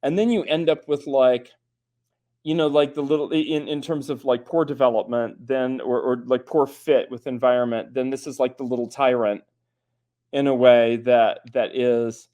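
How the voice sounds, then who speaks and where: A man in his forties speaks as an invited expert in easy conversation. He thinks aloud, trailing off and restarting with plenty of fillers, at an ordinary medium pitch. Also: fairly even intonation, normal speed, warm tone. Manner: thoughtful, many fillers and restarts. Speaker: guest expert on personality types. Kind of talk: conversational explanation.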